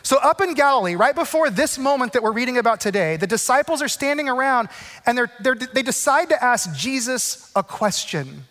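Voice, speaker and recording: A man preaching a sermon in a conversational, animated way, often checking in with the congregation. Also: very high voice, brisk, long reverb tail. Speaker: pastor.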